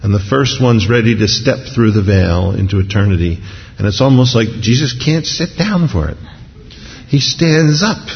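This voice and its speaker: A man preaching a sermon, telling the story in a lively way and acting out what people in it say. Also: fairly low pitch, moderate pace, gravelly, slight background noise. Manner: animated storytelling, acting out crowd voices. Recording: dull sound in a large reverberant hall.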